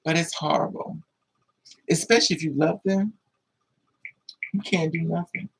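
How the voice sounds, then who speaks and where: A man's voice: a little high, steady tone, moderate pace, gravelly, husky, poor audio. A man hosting a livestream tells a personal story to his viewers, casual, blunt and profane, with a lot of feeling in it. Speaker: livestream host.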